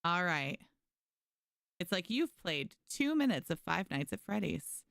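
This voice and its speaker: A woman's voice: fairly low pitch, sing-song, unhurried, creaky, fairly bright tone, no room sound, clean studio sound. A woman streaming a game live, chatting casually with viewers and thanking them by name. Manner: frequent restarts and fillers. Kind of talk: casual live gameplay commentary.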